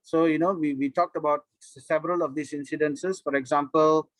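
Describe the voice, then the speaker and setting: A man's voice: a little high, fairly even intonation, brisk, dry recording, rough recording. A man teaching a scripture class, explaining at length with frequent restarts and fillers.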